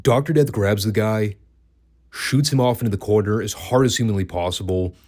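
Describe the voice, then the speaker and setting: A man's voice: lowish voice, moderate pace, darkish tone. A man hosting a casual wrestling review podcast, dry and profane, cracking himself up at times. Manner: dry, profane, laughs at his own jokes.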